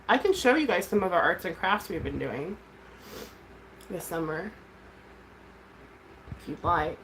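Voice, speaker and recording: A woman's voice: fairly low pitch, big pitch swings, measured pace, long pauses, a bit bright, slight background noise, rough recording. A woman chatting casually on a livestream as its host, rambling candidly about her kids and swearing freely.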